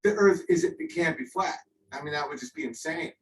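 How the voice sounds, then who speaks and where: A man's voice: fairly high pitch, fairly quick, far from the mic, a little hiss or hum, poor audio. A tipsy young man ranting heatedly on a livestream, combative and profane, sounding exasperated. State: tipsy after a few drinks. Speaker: livestream host.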